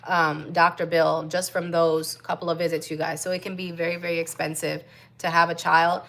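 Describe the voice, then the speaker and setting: Chatty young mom with gravelly voice. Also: female voice, lowish voice, flat delivery, normal speed. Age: young adult. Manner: warm chatty shout-outs, coos baby talk to her infant. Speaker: mom vlogger reading live comments. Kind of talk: casual livestream chat.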